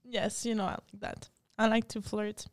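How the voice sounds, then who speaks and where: French Canadian woman, smooth voice. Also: mid-range voice, little pitch movement, dry recording, clean studio sound. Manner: halting English, playful, giggly. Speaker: guest. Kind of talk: casual chat.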